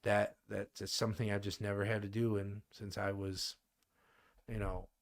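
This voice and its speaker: Low-voiced Midwestern man in his thirties. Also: level tone, normal speed. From American Midwest. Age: 30s. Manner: rambling, many fillers and restarts. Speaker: podcast guest. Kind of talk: casual conversation.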